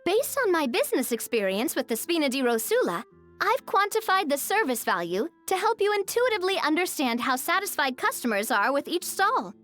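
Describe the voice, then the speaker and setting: A lively game businesswoman. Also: high-pitched, a little fast. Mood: upbeat. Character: confident noblewoman businesswoman, bright and lively. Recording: game audio with music.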